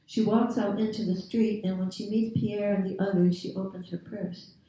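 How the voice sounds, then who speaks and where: A woman author reading her own prose aloud at a literary event, in a measured, deliberate storytelling manner. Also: mid-range voice, steady tone, dark tone. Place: reading series venue. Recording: very echoey room, distant mic.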